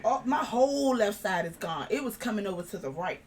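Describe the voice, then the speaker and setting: A young adult woman, a guest in an interview, telling a story in an animated way and acting out the people she quotes. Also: medium pitch, brisk, slight background noise.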